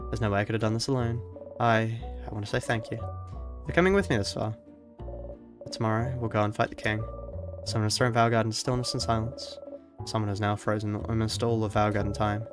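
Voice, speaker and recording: A man's voice: lowish voice, fairly even intonation, fairly quick, lightly acted. A man voicing a hesitant young woman leading her party, stumbling over her thanks, with game music behind. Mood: earnest. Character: nervous young female party leader.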